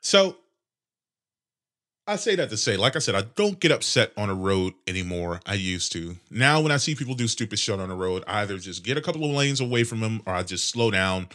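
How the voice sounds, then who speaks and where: A man's voice: lowish voice, a bit bright. Congested, profane young man ranting. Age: 20s. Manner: profane, rambling, sarcastic. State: congested nose, clearing throat. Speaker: podcast host. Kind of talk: casual solo podcast rant.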